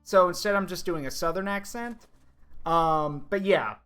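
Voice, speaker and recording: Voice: mid-range voice, measured pace, fairly bright tone, smooth, faint music behind. A streamer explaining a story game's characters in a loose, rambling way, with plenty of fillers. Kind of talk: casual game commentary.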